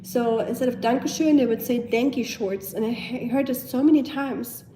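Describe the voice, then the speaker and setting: A young German woman with a German accent, a bit hoarse from a cold, chatting casually on a home live stream, reading viewer comments and talking to her pets. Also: a little high, fairly even intonation, brisk, warm tone, a little hiss or hum. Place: at home, indoors.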